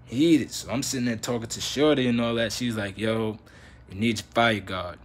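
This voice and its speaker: A young man with a lowish voice tells a long story in casual slang. He keeps acting out both sides of the argument. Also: steady tone, moderate pace. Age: young adult. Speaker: vlogger.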